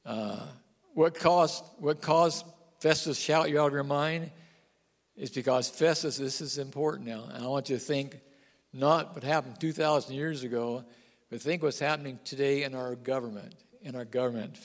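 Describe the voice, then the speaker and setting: A man's voice: medium pitch, normal speed, in a large hall. A male pastor preaching a sermon, stressing points by repeating them and asking the congregation questions. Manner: animated, repetitive emphasis, asks the congregation questions.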